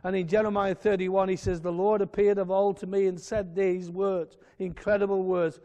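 A man preaching a fervent sermon in a church, swelling to loud emphatic peaks and dropping to quiet asides. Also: high voice, fairly even intonation, moderate pace, dull audio. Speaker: pastor.

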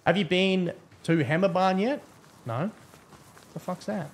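A man's voice: high voice, a little slow, a little hiss or hum. A young man streaming a game, chatting casually, swearing often, blunt and grumbling between laughs. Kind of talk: casual live-stream chat while gaming.

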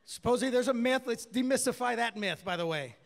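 A man doing stand-up comedy on a club stage, brash and profane with loud bursts. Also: very high voice, lively intonation, fast talker, gravelly. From Mexican-American. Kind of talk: stand-up set. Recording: live club recording with hall echo and crowd noise. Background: crowd laughter.

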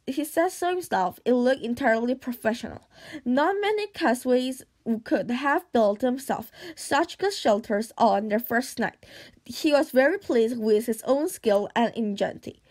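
A woman reading an audiobook aloud at a steady pace, with occasional stumbles and restarts. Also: a little high. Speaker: audiobook reader.

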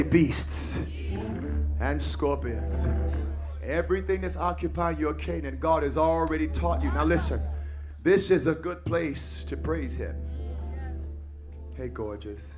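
A man preaching a sermon, swinging from low, intimate remarks into shouted, sing-song refrains that repeat phrase after phrase and call on the congregation to answer. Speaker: pastor. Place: church service.

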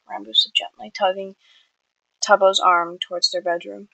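A woman's voice: medium pitch, fairly even intonation, a little fast, fairly bright tone, no room sound, poor audio. Woman reading her story, plain, little slips, dry close sound. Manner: plain reading with small slips and self-corrections. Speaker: fiction reader. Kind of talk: reading her own fan fiction aloud.

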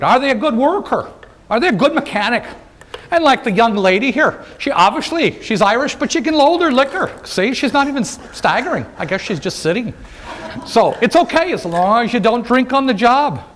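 Guy doing a joking old-time union organizer, high voice, chatting up the crowd. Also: fairly bright tone. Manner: folksy, joking, addresses the crowd directly. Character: jovial man, a 19th-century union organizer. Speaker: living-history presenter. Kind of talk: first-person historical role-play to a live audience.

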